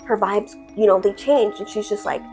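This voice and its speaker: A woman telling a horror story casually, animated and full of swearing and fillers. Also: medium pitch, moderate pace, soft background music. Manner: profane, animated, filler-heavy.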